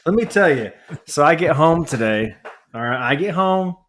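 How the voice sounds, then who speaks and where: A man co-hosting a podcast, telling a long story in an animated, rambling rant. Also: fairly high pitch, moderate pace, slight background noise. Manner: married family man. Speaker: podcast co-host. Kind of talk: casual chat.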